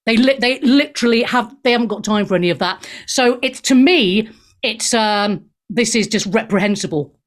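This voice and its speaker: A woman's voice: a little high, moderate pace. A woman hosting a radio talk show, sarcastic and irreverent, swearing and laughing as she mocks the news. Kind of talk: irreverent opinionated radio chat.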